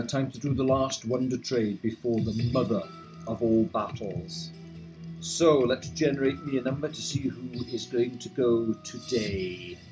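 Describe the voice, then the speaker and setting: A man's voice: mid-range voice, darkish tone. A man casually commenting on a video game he is playing, chatty, reading game text aloud and adding wry asides. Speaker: let's play host.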